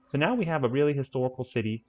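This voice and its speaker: A man's voice: mid-range voice, expressive, rapid-fire. Rambling man narrating a city-builder game. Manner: rambling, self-correcting, playful asides. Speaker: gaming channel host. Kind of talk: casual let's-play commentary.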